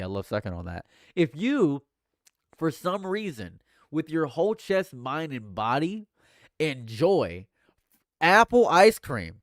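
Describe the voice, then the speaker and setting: A man doing casual livestream commentary, his voice sitting a bit high and leaping all over the place as he rants in mock outrage. He drops into mumbled asides, then bursts out loudly. The sound is dry and close, with no room around it. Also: dry recording. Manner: mock-outraged ranting, jumps between mumbled asides and loud outbursts. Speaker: streamer.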